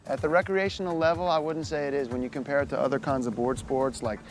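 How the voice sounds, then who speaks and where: A man's voice: mid-range voice, fairly even intonation, quick pace. A man coaching wakeboarding, explaining equipment step by step in a friendly way. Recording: background music.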